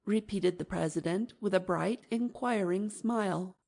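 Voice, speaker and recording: A woman narrating an audiobook in an even, measured manner. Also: medium pitch, vocal fry.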